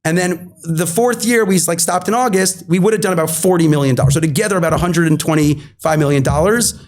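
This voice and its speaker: A man in his thirties, speaking quickly in a high-sitting voice, is an interview guest telling his story with animation. He acts out both sides of old conversations and repeats key phrases for emphasis. There's a little hiss or hum.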